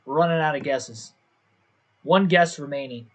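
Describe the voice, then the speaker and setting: A man's voice: a little high, moderate pace. A young man casually commentating his own livestream, thinking aloud and second-guessing himself as he talks to his viewers. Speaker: gaming livestreamer.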